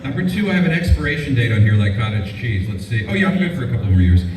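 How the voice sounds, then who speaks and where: A man's voice: mid-range voice, very animated, racing, darkish tone. Older joking man in echoey hall. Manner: joking, self-deprecating storyteller. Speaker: voice actor panel guest. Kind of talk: convention panel Q&A answers. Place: large convention panel hall. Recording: echoey hall, speaker far from mic.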